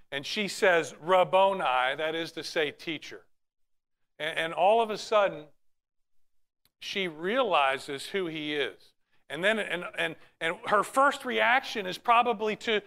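A man with a high, bright voice preaches earnestly in a church. He reads scripture aloud and often restarts his phrases as he works through each point. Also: unhurried, creaky. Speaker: pastor. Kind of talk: sermon.

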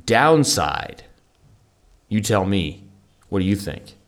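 A man's voice: lowish voice, very animated, slow pace, a little hiss or hum. A man co-hosting a podcast, chatting casually and enthusiastically about audio gear, with lots of restarts. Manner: rambling, restarts often, enthusiastic about gadgets. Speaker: podcast co-host. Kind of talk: casual gear review chat.

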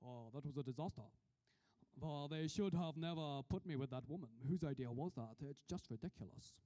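A man's voice: a little high, a little fast, mellow, lightly acted. A man putting on a Scottish accent to play an irritated middle-aged male politician who grumbles in exasperation. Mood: exasperated. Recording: reverberant hall.

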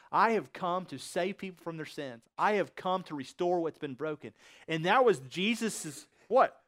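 High-voiced male preacher, rhetorical questions. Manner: asks the congregation rhetorical questions. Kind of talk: sermon.

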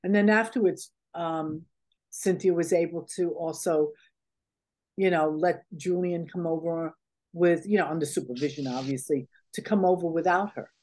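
A middle-aged American woman speaks in a lowish, slightly mellow voice at a moderate pace. She's a guest in a casual interview, rambling through heartfelt stories and filling them with "you know"s and other fillers.

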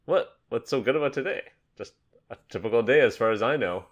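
A young man hosting a casual sports podcast, upbeat and joking, quick to laugh. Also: medium pitch, expressive, highs cut off. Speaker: podcast host. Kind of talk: casual basketball podcast chat.

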